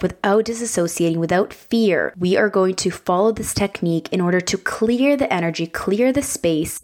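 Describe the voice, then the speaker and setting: A woman with a somewhat low voice talks through spiritual self-help practices in a loose, free-flowing podcast style. She sounds earnest and encouraging, building her points in lists of repeated phrases. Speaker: podcast host.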